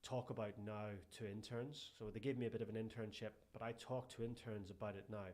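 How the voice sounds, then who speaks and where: Irish man with a lowish voice, chatty storyteller. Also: brisk. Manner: lively anecdotal storyteller, calls the host "mate". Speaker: guest, strength and conditioning coach. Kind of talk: casual podcast interview chat.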